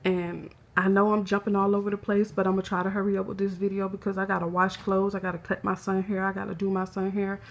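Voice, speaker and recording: A woman speaking in a hesitant, halting way as she records a confessional personal vlog, emotional and close to tears. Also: mid-range voice, flat delivery, gravelly, highs cut off. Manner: hesitant, halting, soft-spoken. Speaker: vlogger.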